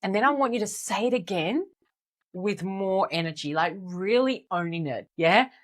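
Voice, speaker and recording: A woman in her forties, a confidence coach, calmly and encouragingly guiding listeners step by step through an exercise. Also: mid-range voice, moderate pace. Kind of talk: guided exercise instruction.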